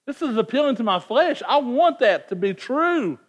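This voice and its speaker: A man's voice: extremely high pitch, big pitch swings, moderate pace, lo-fi sound. A man preaching a sermon in an earnest, emphatic way, often repeating words as he presses a point. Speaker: pastor.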